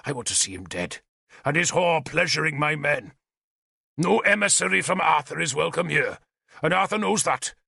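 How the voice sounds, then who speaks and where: A man voicing a cruel, vengeful one-armed warlord king who shouts and snarls threats in an audiobook. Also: a little high, expressive, moderate pace, creaky, husky, no echo, studio quality, pitched above the performer's own voice, heavily acted. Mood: furious.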